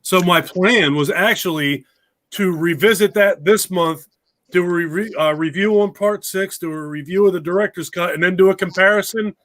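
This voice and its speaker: A man's voice: high-pitched, moderate pace, a bit bright, no room sound. A man chatting as a guest on an online call, candid and blunt, swearing casually. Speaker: guest, video creator. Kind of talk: casual chat.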